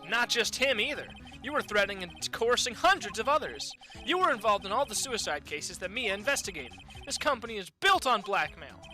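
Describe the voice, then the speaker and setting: Fan game dub: man doing an earnest young defense attorney, bright voice, dramatic outbursts. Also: sits high, sing-song, brisk, faint music behind, full character voice. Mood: accusing.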